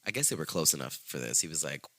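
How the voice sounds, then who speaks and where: A man hosting a podcast, telling a true-crime story in a casual, profane, slangy way and acting out the quotes in high squeaky voices. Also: quick pace, no room sound. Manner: profane, slangy, animated retelling with acted-out quotes. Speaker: podcast host.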